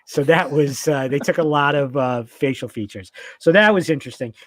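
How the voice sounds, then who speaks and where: A man's voice: on the high side, moderate pace, dry recording. A man in casual podcast chat, talking with enthusiasm and rambling through many fillers and restarts.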